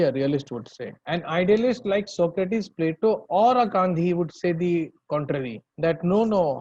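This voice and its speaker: A man's voice: fairly high pitch, a little mellow, no echo, lo-fi sound. A male teacher with an Indian English accent giving a conversational online lecture, dropping in Hindi words.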